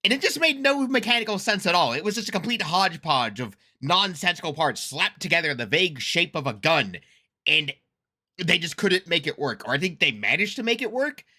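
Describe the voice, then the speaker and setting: A man talks through a reaction video in casual, excitable commentary, laughing often and swearing freely. His voice is very bright and sharp, and his pitch swings about with animation. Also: brisk. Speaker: reaction streamer.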